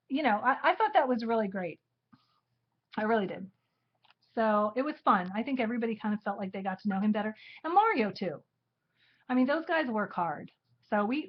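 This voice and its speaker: Brief: high-pitched woman co-host, chatty and giggly, muffled lo-fi audio. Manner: chatty, laughs often while flipping through photos. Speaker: co-host of craft livestream. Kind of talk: casual livestream chat. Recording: dull lo-fi livestream audio.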